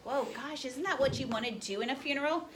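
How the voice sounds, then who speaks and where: A woman's voice: sits high, fast talker. A woman teaching a history class, reading a speech aloud and firing questions at her students. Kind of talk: classroom lecture. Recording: classroom recording from far off, slight noise.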